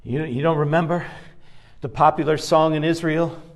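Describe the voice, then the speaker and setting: High-voiced man preaching a folksy sermon. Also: steady tone, moderate pace. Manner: conversational preaching with laughs and asides. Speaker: pastor.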